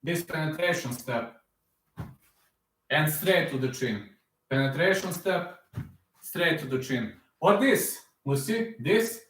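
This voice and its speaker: A man hosting an MMA news reaction, talking casually and excitedly, repeating himself as he acts out fight moves. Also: fairly high pitch, slow, pauses often, roomy sound.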